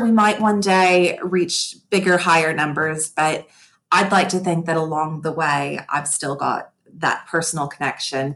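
A woman's voice: sits low, a bit bright. A woman guest on a podcast, talking earnestly and enthusiastically about her small online community. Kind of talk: conversational podcast interview. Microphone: remote call.

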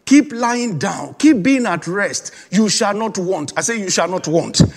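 Man preaching hard, repeats lines, calls out to the crowd, bit high voice, long hall echo. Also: animated, unhurried, gravelly. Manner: emphatic preaching with repeated calls and congregation prompts. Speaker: pastor. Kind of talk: sermon.

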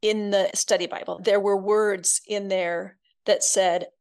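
A woman from Iowa speaks as a podcast guest, telling her faith story with earnest, heartfelt warmth. Her voice sits at a middling pitch, and she drops softer and quieter when she turns intimate. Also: flat delivery, measured pace. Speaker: guest author.

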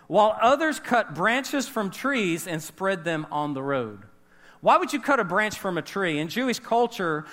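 Bright high-voiced man preaching. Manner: expository, questioning the listeners and re-enacting the scene. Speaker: pastor. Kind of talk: sermon.

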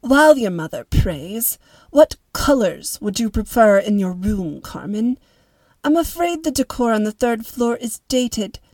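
A woman's voice: a little high, lively intonation, a little slow, darkish tone, no room sound. A woman voicing a wealthy, formal older lady who talks in a precise, fretful way.

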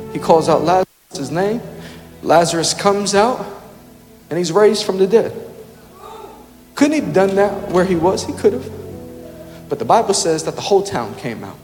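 A man preaching a sermon with passion, shouting at times and firing rhetorical questions at the congregation. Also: sits high, sing-song, normal speed, long pauses. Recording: long hall reverb with music underneath.

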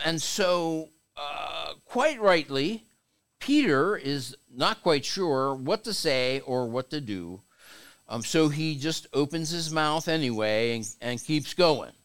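Animated, slow-talking man preaching. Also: a little high. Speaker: bishop preaching. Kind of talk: sermon.

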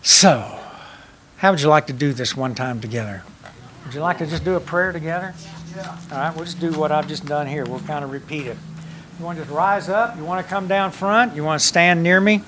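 Fervent male pastor, higher voice. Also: brisk, fairly bright tone, a little hiss or hum. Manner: fervent, rhythmic declarations with repetition. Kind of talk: sermon.

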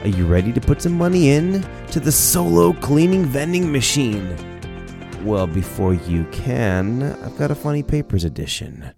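A man's voice: mid-range voice, very animated, normal speed, vocal fry, over music. A man hosting a podcast, telling stories in a playful, chatty way with jokey asides. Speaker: podcast host. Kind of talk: storytelling podcast monologue.

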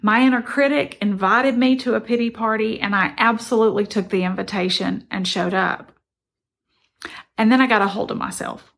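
Middle-aged woman, gravelly tone, reflective storyteller sharing a lesson. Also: on the high side, fairly even intonation, moderate pace, fairly bright tone. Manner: earnest, reflective, conversational. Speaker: motivational speaker. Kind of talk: personal storytelling.

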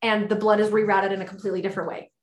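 An enthusiastic, effusive woman shares what she knows about birth in a loose, casual podcast chat. Her voice sits at an ordinary middle pitch. It rings with the echo of the room. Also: flat delivery, rapid-fire. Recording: echoey room.

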